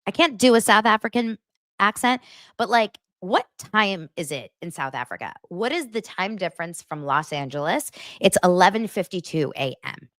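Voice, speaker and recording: Woman livestream host, lively swooping voice, gossipy chatter, dry close sound. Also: mid-range voice, moderate pace, no room sound. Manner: chatty and gushing, full of fillers and asides. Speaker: host of a pop-culture livestream show. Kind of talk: casual chat to a live audience.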